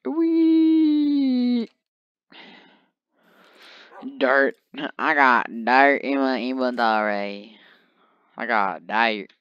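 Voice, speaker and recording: A man's voice: medium pitch, level tone, takes it slowly, smooth, no echo. A man giving casual, rambling commentary while playing a game, joking around and talking to his in-game pet, on a dull lo-fi mic. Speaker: gamer.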